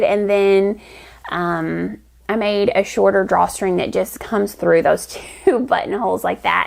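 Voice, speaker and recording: Gravelly-voiced woman chatting about crafts. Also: medium pitch, darkish tone. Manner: chatty, enthusiastic, rambling with restarts. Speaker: knitting vlog host. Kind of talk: casual chat to camera.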